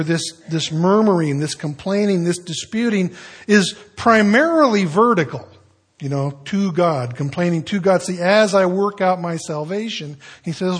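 Husky-voiced man preaching a sermon. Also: high-pitched, moderate pace. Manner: conversational preaching with storytelling and hushed asides. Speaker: pastor.

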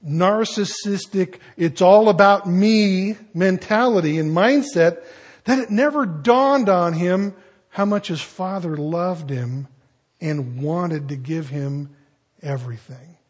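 Husky-voiced preacher, folksy and conversational. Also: male voice, high-pitched, slow pace. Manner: conversational, folksy asides while reading scripture. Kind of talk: sermon.

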